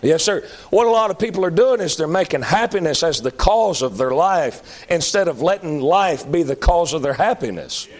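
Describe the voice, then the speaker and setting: Man, preacher, high voice, fervent sermon, rising shouts and hushed pleas. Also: lively intonation, normal speed, few pauses. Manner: impassioned preaching, swinging between high shouts and low pleading.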